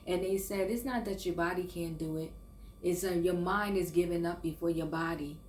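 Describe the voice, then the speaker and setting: A woman's voice: on the low side, moderate pace, a little mellow, slight background noise. Earnest older woman vlogging in echoey room. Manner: earnest, encouraging, with restarts and stumbles. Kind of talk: casual faith and self-help vlog.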